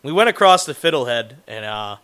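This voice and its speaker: A man's voice: mid-range voice, sing-song, brisk, sharp tone, clear, resonant tone. A man telling a rambling, profane, self-mocking story in casual chat, laughing as he goes.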